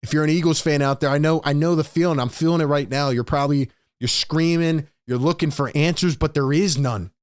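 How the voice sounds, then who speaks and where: A man's voice: a little high, fairly quick, few pauses, smooth, no echo, studio quality. A man hosting a live postgame fan show, ranting in frustration and reading out viewers' chat comments. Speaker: sports podcast host.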